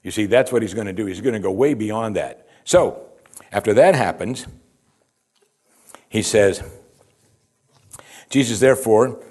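A man's voice: lowish voice, a little slow, long pauses, darkish tone, husky. A man preaching a sermon, reading scripture and explaining it with rhetorical questions and repeated "you see". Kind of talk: sermon, verse-by-verse Bible teaching.

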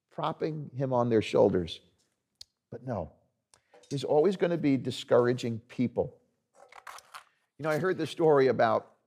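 A man's voice: medium pitch, a little mellow. A male pastor preaching a sermon in an earnest, conversational, storytelling way.

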